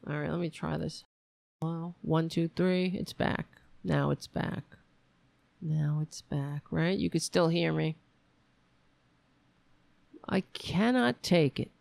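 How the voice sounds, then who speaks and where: A woman's voice: low-pitched, takes it slowly, creaky, long pauses, darkish tone, no echo. A woman hosting her livestream from home, frustrated and rambling, with sighs and swearing. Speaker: show host. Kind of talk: casual livestream chat. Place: home room.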